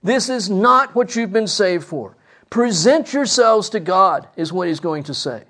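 A man's voice: high voice, expressive, unhurried, bright, forceful tone. A man preaching a sermon, emphatic, asking the congregation rhetorical questions.

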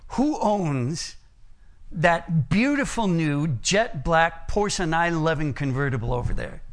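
A gushing, excited young man, as a preacher quotes his son in a sermon. He talks a little higher and livelier than the preacher's own sermon voice. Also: slow pace.

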